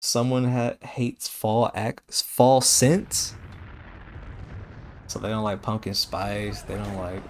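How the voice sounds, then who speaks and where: A man streaming a video game, giving casual commentary in a slangy, excitable way. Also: on the low side, slow pace, slight background noise.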